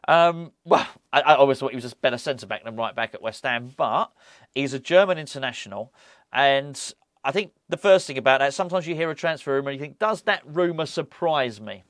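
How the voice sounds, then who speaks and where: A man's voice: mid-range voice, a little fast, fairly bright tone, no room sound. A man hosting a football fan channel, giving casual, enthusiastic commentary full of restarts. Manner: chatty, enthusiastic, many restarts.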